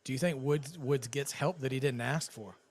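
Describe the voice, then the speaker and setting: A man's voice: medium pitch, moderate pace, darkish tone. A man co-hosting a live wrestling watch-along in casual chat, rambling and chatty.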